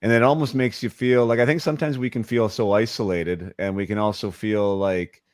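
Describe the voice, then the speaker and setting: A low-pitched man hosting a casual interview, his questions winding and packed with fillers and restarts. The sound is dry and close, with no room around it. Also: fairly even intonation, brisk, a little mellow, no echo. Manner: rambling, hesitant questions full of fillers. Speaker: podcast host.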